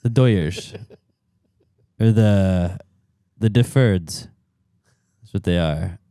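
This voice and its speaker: Low-pitched male co-host, joking and profane, dry close mic. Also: very slow, mellow, smooth, no room sound. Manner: joking, swears often. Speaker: podcast co-host. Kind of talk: casual podcast banter.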